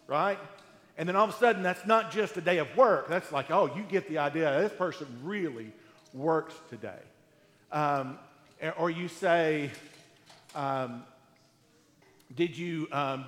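A man preaching a sermon to a live congregation in a conversational, animated way, asking them questions. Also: sits high. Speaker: pastor. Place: church hall with live congregation. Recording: echoey hall, roomy reverb.

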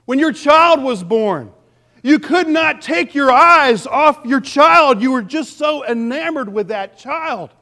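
A pastor delivers a sermon with passion in a high register, speaking slowly and with animation, his voice swelling loud and then falling to a hush. The long reverb of a big hall rings around him.

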